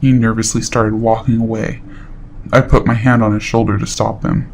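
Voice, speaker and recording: A man reading a horror story aloud in steady, matter-of-fact scripted narration. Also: on the low side, normal speed, creaky.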